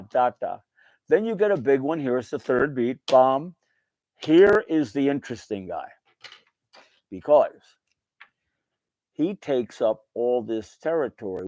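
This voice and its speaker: A man teaches piano in an easygoing, folksy way, breaking into sung rhythm syllables to show where the accents land. His voice sits at an ordinary pitch for a man. The room sound is dry and close. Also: darkish tone, dry recording. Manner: sings rhythms aloud with bum and da syllables; folksy, calls notes guys. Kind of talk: casual music lesson.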